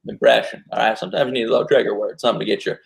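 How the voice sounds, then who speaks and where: A man doing an impression of a slow-talking southern movie star, with vocal fry and a drawn-out cool delivery. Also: medium pitch, very animated. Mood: laid-back. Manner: drawn-out, repeats "all right".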